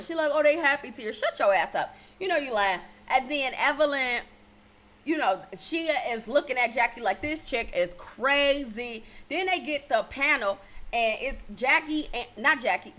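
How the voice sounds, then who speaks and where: Sassy, profane high-voiced woman. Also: sharp tone. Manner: sassy, blunt and profane, laughs often. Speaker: TV show reviewer. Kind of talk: casual recap vlog.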